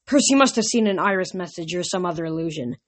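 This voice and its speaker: A woman's voice: lowish voice, animated, quick pace. A woman voicing a proud teenage huntress girl who speaks in a formal, old-fashioned way. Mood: haughty. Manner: archaic, formal, cold.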